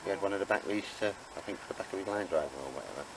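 A man's voice: low voice, expressive, rapid-fire, gravelly, far from the mic. A man with a Cockney accent chatting casually and joking with mates while camping outdoors. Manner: chatty, jokey banter with mates. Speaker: camping vlogger. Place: outdoor woodland camp. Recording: background noise outdoors.

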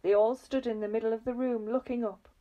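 Lively woman reading a children's book. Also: on the high side, fairly quick, lo-fi sound. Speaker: reader.

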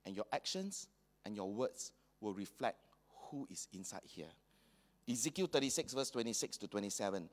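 A man's voice: lowish voice, sing-song, moderate pace. A man with a Singaporean English accent preaching a sermon in a church hall, slipping colloquial local phrases into his talk. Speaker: pastor.

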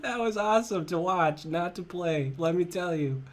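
A middle-aged man giving live chess stream commentary, excitable, talking to himself and breaking into frequent laughter. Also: high voice, moderate pace.

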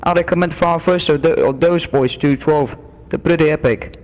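Goofy gamer guy, kinda high voice, long echo tail. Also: normal speed. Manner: goofy, joking. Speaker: player in online roleplay. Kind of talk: casual game voice chat.

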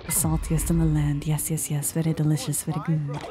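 A woman's voice: low voice, little pitch movement, a little fast, faint music behind, pitched below the performer's own voice, close to an everyday voice. A woman voicing a whispery, theatrical female soup vendor in a whispered role-play. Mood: hammy. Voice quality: hushed, breathy. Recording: noisy background hiss.

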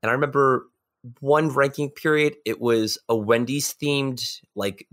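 A man's voice: medium pitch, unhurried, a bit bright. A young man from New York telling a story in casual podcast chat, rambling with lots of fillers and restarts. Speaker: podcast guest.

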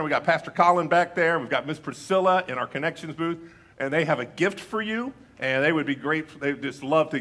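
A male pastor giving a conversational sermon with playful asides, reading scripture slowly and deliberately. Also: fairly high pitch, bright, forceful tone.

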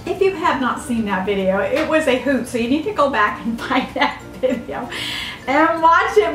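An older woman, chatting to camera as a vlogger opening fan mail, gasping and gushing with excitement. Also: high voice, unhurried. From Southern United States. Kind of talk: casual chat to camera. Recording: echoey room, mic a bit far off.

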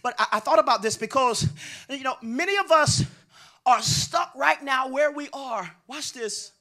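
A male pastor preaching a sermon, building into shouts and sing-song cadences, with call-and-response lines to the congregation. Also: very high voice, normal speed.

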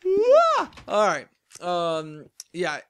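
A man's voice: on the high side, expressive, normal speed, pushed and bright. A tired man hosting a game let's play, rambling chattily to himself in casual commentary as he plays. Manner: rambling, chatty, talks to himself while playing. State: tired and yawning.

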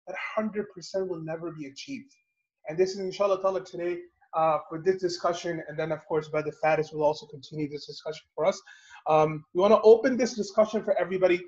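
A man leading an online religious study circle, telling a story with rhetorical questions and an animated manner. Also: a little high, fast, highs cut off. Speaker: halaqa speaker and host. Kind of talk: religious lesson over video call. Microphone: video call.

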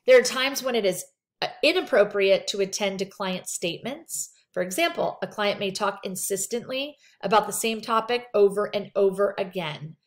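A woman's voice: mid-range voice, normal speed. A woman teaching a counseling skills lecture, reading points off slides and adding casual asides from her practice. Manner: conversational, talks through slides with asides. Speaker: counseling instructor.

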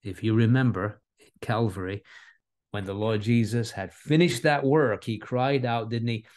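A man with a fairly low voice delivers an earnest verse-by-verse sermon. He leans on key words and repeats them. He slows right down whenever he wants a point to land. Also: fairly even intonation, darkish tone. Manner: earnest, repeats key words, varies his pace for emphasis. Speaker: preacher. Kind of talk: expository Bible sermon.

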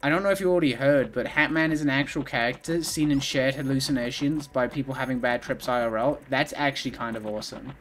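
A man streaming himself playing a video game, reacting out loud and swinging from low mumbles to sudden outbursts with lots of swearing. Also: fast, few pauses, faint music behind. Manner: excitable, profane, swings from mumbling to yelling. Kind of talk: live gaming commentary.

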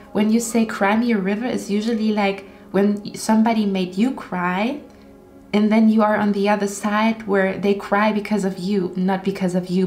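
A woman's voice: mid-range voice, a little mellow. A woman giving an intuitive tarot reading to her viewers, earnest and repetitive, often checking in with "okay?". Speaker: tarot card reader.

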